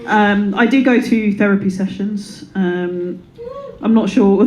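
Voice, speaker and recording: A woman's voice: medium pitch, steady tone, slow, low-quality recording. A woman in her thirties performing a stand-up comedy set, playful and self-deprecating, slipping into silly voices. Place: comedy club before a live audience. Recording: live room with audience laughter.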